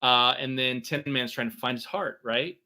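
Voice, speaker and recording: A middle-aged man leads a relaxed workshop conversation with a bright tone. He fills his talk with ums and keeps checking in with "right?". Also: medium pitch, moderate pace. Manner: conversational, many fillers and tag questions. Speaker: podcast co-host.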